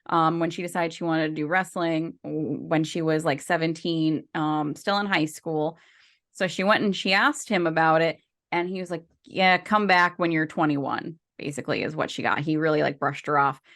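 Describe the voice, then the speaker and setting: Podcast co-host, female, low-pitched, chatty and loose, lots of ums and restarts. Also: a bit bright. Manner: chatty, rambling with many fillers and restarts. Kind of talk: casual podcast chat.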